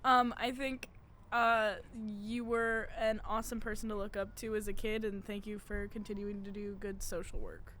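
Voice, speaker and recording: A woman's voice: medium pitch, steady tone, moderate pace, a bit bright, a little hiss or hum. A young woman co-hosting a casual podcast, blunt and teasing in her banter. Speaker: podcast co-host. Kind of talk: casual chat. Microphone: studio mic.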